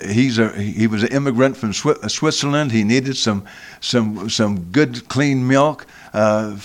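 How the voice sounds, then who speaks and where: An older man recounts a memory at an unhurried pace, stopping and restarting his sentences as he goes. His voice sits at an ordinary middle pitch. He speaks as a guest in a radio studio. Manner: slow, halting, with many restarts. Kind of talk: storytelling on radio.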